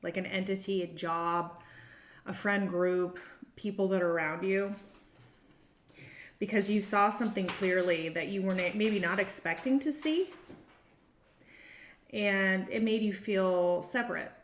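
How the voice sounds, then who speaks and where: A woman's voice: mid-range voice, measured pace, long pauses. A middle-aged woman talks through a tarot spread in a loose, chatty way, musing aloud as she goes. The room around her gives her voice a noticeable echo. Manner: chatty and meandering, thinking aloud. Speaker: tarot reader. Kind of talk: casual tarot reading to camera. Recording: roomy echo.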